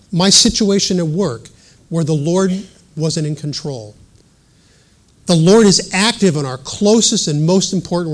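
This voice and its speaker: Middle-aged man, sermon, high voice, earnest teaching tone, reads scripture aloud. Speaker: preacher.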